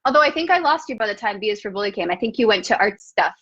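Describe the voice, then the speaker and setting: A woman hosting a casual video-call chat, telling self-mocking stories in an animated way. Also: mid-range voice, rapid-fire. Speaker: host. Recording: dull lo-fi call audio.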